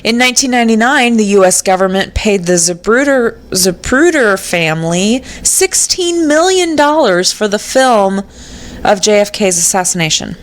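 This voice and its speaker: A woman's voice: mid-range voice, expressive, normal speed, slight background noise. A woman co-hosting a podcast, reading out trivia facts in casual chat, giggly and often exclaiming. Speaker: podcast co-host.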